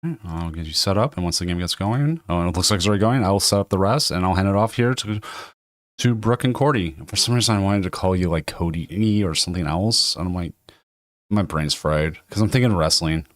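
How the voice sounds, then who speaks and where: Hoarse low-voiced man hosting a stream. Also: fairly quick, no room sound, studio quality. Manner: rambling, self-interrupting, laughs often. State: hoarse from a cold. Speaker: tournament stream host. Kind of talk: casual livestream hosting.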